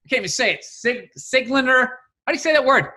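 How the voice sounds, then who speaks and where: A man's voice: very high-pitched, sing-song, racing, sharp tone. A man co-hosting a podcast, ranting in profane, combative comedic banter. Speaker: podcast co-host.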